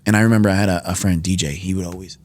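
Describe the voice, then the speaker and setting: Speaking very fast in a low, darkish voice with a steady tone, a man in his twenties from New York shares his life story as a podcast guest in a studio. He chats casually, acts out quoted dialogue and leans on plenty of fillers.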